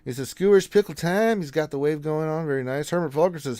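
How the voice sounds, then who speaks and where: A man's voice: fairly high pitch, fast talker, few pauses, no echo. Dry-sounding male game streamer. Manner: reads out viewer greetings and replies, relaxed and chatty. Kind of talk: casual livestream chat.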